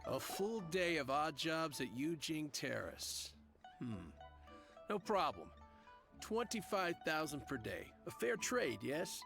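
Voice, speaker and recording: A boastful male worker from a video game, naming a steep price as if it were a bargain. His voice sits a little high and turns gravelly, and soft game music runs underneath. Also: big pitch swings, slow, heavily acted. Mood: smug. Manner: boastful, brusque.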